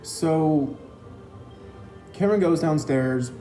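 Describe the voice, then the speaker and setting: A man's voice: a little high, takes it slowly, dark tone. A young man casually telling a personal story, chatty, with lots of "like" and retold dialogue. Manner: chatty retelling with many likes and quoted dialogue. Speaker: vlogger. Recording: roomy echo with faint music.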